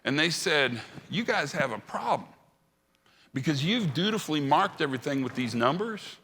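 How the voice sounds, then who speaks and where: A man's voice: on the high side, very animated, normal speed, sharp tone, slightly rough. A man giving a humorous storytelling keynote at a conference, acting out the dialogue. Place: large conference hall. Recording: reverberant hall sound.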